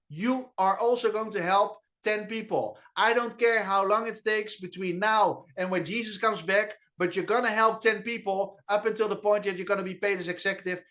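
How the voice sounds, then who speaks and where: A man's voice: sits high, a bit bright. A man with a Dutch accent, whose first language is Dutch, giving an enthusiastic network marketing training on a video call, repeating key phrases and stumbling over restarts. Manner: enthusiastic, repetitive, with restarts and stutters. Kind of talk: energetic online training talk.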